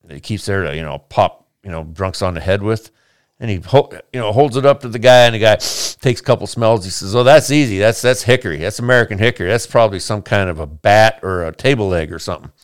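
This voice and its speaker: Clear-voiced man telling a rambling joke. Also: fairly low pitch, fast, no echo, clean studio sound. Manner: rambling storyteller, acts out characters' lines. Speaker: podcast host telling a joke.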